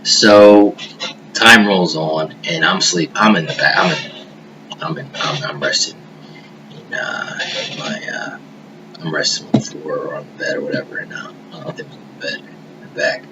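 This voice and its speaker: Low-voiced man rambling over hiss. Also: wildly swooping pitch, normal speed, dull audio. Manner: rambling, profane, drops into hushed murmurs. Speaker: vlogger. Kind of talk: rambling personal monologue. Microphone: webcam. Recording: noisy hiss behind the voice.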